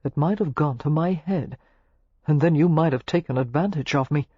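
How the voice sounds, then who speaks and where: A woman voicing a practical, dour young gentleman in an audiobook. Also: low-pitched, moderate pace, slightly rough, no room sound, highs cut off. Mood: low-key. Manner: dry, dour.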